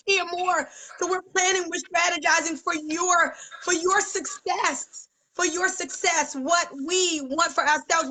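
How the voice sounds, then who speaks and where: An American woman giving a fervent, preacher-like motivational pitch to her business team on a live video, emotional at times. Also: bright, forceful tone, poor audio. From United States. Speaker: network marketing leader.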